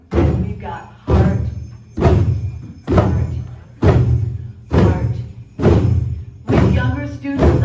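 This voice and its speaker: An energetic woman teacher leads a rhythm workshop, calling out cues to a room full of participants. Her voice sounds distant and bounces around a very echoey hall. Loud drumming and music play behind her. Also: mid-range voice. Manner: energetic, calls out prompts and cues to a group. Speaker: music educator leading a workshop. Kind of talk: interactive workshop instruction. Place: large conference workshop room. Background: hand drums and group playing.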